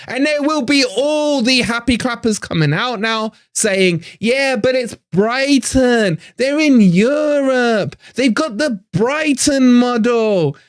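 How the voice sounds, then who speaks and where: A man's voice: sits high, no room sound, clean studio sound. A man hosting a live fan stream, ranting with frustration after a match, swearing and repeating himself. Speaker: fan channel host. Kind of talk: live post-match rant.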